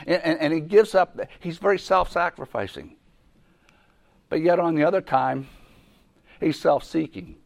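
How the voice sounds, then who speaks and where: A man's voice: a little high, measured pace, vocal fry, pauses often. A man teaching a Bible lesson in a conversational way, often repeating himself and restarting sentences. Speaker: preacher.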